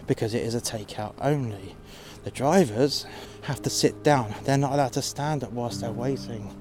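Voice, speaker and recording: A podcast host recounts a story from his job in a casual monologue that's blunt, sweary and exasperated. His voice is medium-pitched and slightly mellow, with a little hiss or hum in the recording.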